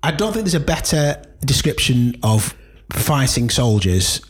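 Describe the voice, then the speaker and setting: Husky, enthusiastic man. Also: mid-range voice, very animated, measured pace. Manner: enthusiastic, rambling, many fillers. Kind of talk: casual chat.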